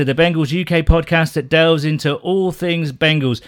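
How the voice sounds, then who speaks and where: A man's voice: a little high, fairly even intonation, moderate pace, a bit bright, clear, resonant tone. A man hosting a casual podcast from a home sewing room, with playful, jokey introductions. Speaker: podcast host.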